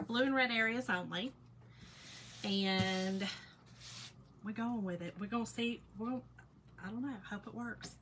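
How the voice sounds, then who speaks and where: Bright, chatty woman crafting. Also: a little high, a little slow, pauses often, a little hiss or hum. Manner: chatty, folksy, talks straight to viewers. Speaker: craft livestream host. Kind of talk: casual livestream chat while crafting.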